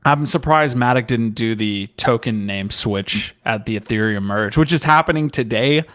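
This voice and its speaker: A man's voice: mid-range voice, normal speed, a bit bright. Laid-back man hosting a livestream. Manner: upbeat, laid-back, chatty. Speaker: host. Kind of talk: casual livestream chat.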